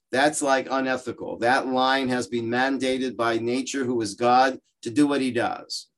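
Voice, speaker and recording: A man with a mid-range voice gives a religious lesson over a video call. He explains through stories and lively asides. He often breaks into quoted voices for the people in them. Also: mid-range voice, moderate pace, few pauses. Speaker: rabbi teaching a class. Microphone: video call microphone.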